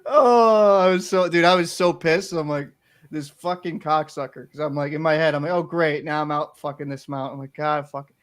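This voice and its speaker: Young male podcast co-host, profane and animated, slightly high pitch. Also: moderate pace. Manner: profane, animated storytelling, swears a lot. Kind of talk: casual podcast chat.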